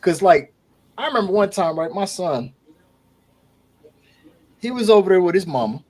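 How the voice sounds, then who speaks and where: Animated, high-voiced man telling stories. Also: normal speed. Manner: animated storyteller, profane, acts out quotes. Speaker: podcast co-host. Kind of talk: casual chat.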